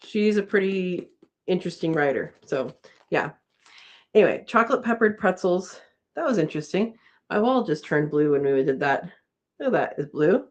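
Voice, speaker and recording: A woman's voice: on the low side, muffled recording. Chatty woman hosting a home livestream. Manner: chatty, laughs often, reads viewer comments aloud. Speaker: host of a live chat. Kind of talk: casual livestream chat reading comments. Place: home, indoors.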